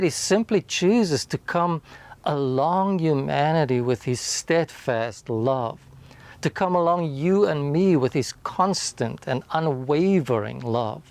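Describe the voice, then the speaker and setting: A male pastor giving a short sermon with a deliberate, emphatic delivery that sinks quietly at key points. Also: mid-range voice, no echo.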